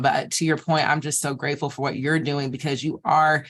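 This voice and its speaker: A woman hosting a podcast, affirming her guest warmly with short agreements before reflecting on her point. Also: deep voice, level tone, a little fast. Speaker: podcast host. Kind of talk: conversational interview.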